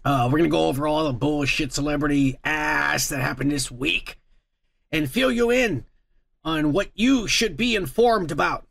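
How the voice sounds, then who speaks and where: High, gravelly-voiced man hosting a podcast. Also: normal speed, fairly bright tone. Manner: profane, teasing, laughs a lot. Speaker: podcast host. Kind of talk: crude casual chat.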